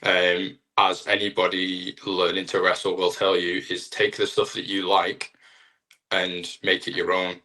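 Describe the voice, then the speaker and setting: A young British wrestler, appearing as a guest, chats casually in an interview, rambling and poking fun at himself. His voice is low and monotone, unhurried, with a pushed, bright quality.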